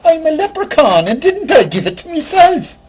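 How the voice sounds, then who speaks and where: A cheeky little leprechaun with a lilting Irish accent, as a man puts him on. The voice sits high above the teller's own and comes out loud and boastful, full of sly confidence. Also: very animated, moderate pace.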